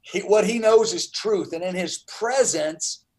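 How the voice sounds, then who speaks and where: A man's voice: high-pitched, a little slow, a little mellow, rough recording. A man in his sixties telling a personal story as an interview guest, earnest and full of restarts. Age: 60s.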